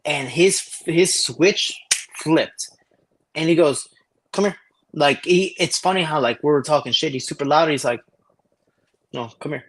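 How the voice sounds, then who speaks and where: A man co-hosting a casual podcast, telling stories in a profane, animated way over a remote connection. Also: on the high side, normal speed. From Cicero, Illinois area. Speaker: podcast co-host. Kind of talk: casual podcast chat, storytelling. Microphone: remote call over shaky Wi-Fi.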